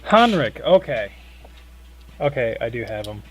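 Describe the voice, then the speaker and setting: A man playing a tabletop role-playing game, slowly and deliberately describing his character's actions. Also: medium pitch, very animated, gravelly, slightly rough. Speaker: player.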